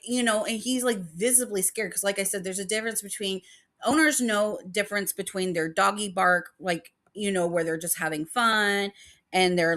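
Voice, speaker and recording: Bright-voiced woman, rambling and chatty. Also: mid-range voice. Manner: rambling, lots of fillers; emotional about her dog. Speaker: paranormal channel host. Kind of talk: casual chat.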